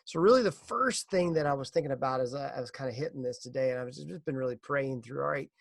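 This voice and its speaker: Middle-aged male podcaster, earnest encouraging delivery, some vocal fry. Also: medium pitch, fast, dry recording, clean studio sound. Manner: earnest, encouraging, tells a corny joke. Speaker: podcast host. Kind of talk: casual motivational podcast talk.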